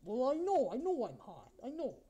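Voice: sits high, huge pitch swings, normal speed, mellow, slightly rough, lo-fi sound, full character voice. A performer voicing a brash, ugly, razor-toothed male monster who eats people, taunting strangers with crude mock-flirting. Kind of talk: comedy character improv on a video chat.

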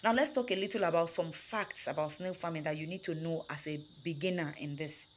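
A woman's voice: deep voice, brisk, slight background noise. A woman teaching snail farming, stressing key words and checking in with "right?" and "okay?". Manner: emphatic, repeats key words with tag questions. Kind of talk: instructional talk.

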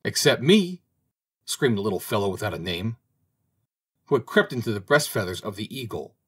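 Male audiobook narrator, expressive fairy-tale reader, husky lower voice. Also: quick pace. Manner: expressive, dramatic reading. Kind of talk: storybook narration.

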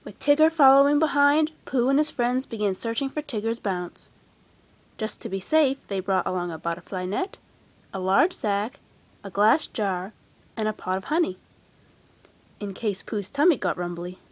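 A woman gently and expressively reading a children's storybook aloud. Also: mid-range voice, animated, normal speed. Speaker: storybook reader.

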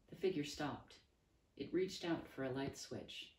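Low calm lady reading a story, roomy echo, mic kinda far. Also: measured pace, slight background noise. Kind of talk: reading a novel aloud.

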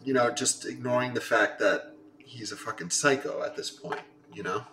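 A man's voice: medium pitch, moderate pace, bright, forceful tone, distant mic, rough recording. A man hosting a reaction video, casually explaining song lyrics and reading them out with feeling.

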